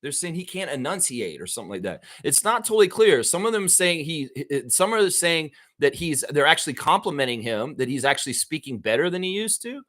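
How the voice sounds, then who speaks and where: A man with a Southern US accent hosting a live-stream, ranting in a heated, profane, animated way. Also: on the high side, brisk, few pauses. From American South. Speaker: show host. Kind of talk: casual live-stream commentary.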